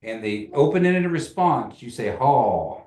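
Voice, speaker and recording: A man teaching a community language class, joking with students and slowly repeating phrases for them. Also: mid-range voice, big pitch swings, darkish tone, recorded from a distance. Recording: echoey classroom.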